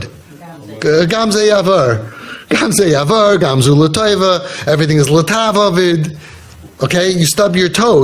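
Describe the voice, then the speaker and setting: A man giving an earnest, conversational talk to parents. He tells stories and often restarts his sentences. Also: medium pitch. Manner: earnest, storytelling, with frequent restarts. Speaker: speaker addressing an audience of parents. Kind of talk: conversational talk to a live audience.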